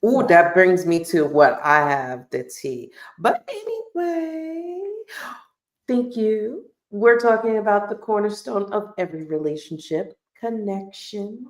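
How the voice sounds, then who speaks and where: A woman's voice: medium pitch, echoey room. A woman co-hosting a podcast in casual chat, playful and teasing. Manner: playful, teasing, slow, lively delivery. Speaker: podcast co-host.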